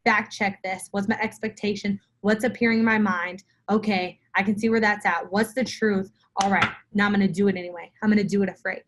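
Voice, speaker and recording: A young woman speaks straight to camera in a live motivational video, coaching her weight-loss group. Her voice sits at an ordinary middle pitch, and she talks with emphatic conviction, hammering home short repeated phrases. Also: fairly even intonation, brisk, few pauses, noisy background. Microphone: phone or camera for a live video.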